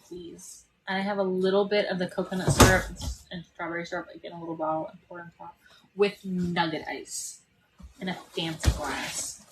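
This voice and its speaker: A woman's voice: on the low side, background noise. A woman in her twenties, chatty and laughing often as she chats on a live stream, her voice a little worn. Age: 20s. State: losing her voice. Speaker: TikTok live streamer and landlord. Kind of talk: casual live-stream chat. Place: parked RV at a state park.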